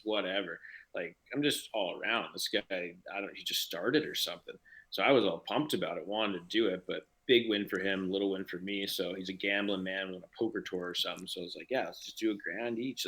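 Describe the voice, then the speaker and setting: A man's voice: low voice, fairly bright tone, low-quality recording. A man co-hosting a casual podcast as a hockey coach, telling stories with teasing bravado.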